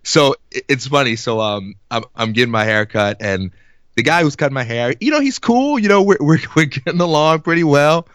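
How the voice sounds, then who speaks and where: A young man in his twenties telling an animated, laugh-filled story in casual podcast chat. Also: mid-range voice, brisk, no room sound.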